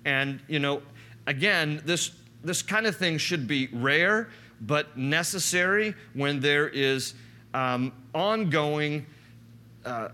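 A man's voice: on the high side, sharp tone. A man preaching a conversational sermon as a pastor, teaching through a passage and rising in emphasis when he quotes.

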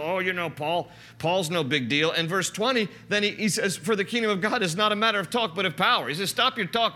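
A man preaching a sermon, teaching through a Bible passage in a conversational, animated way. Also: on the high side. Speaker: pastor.

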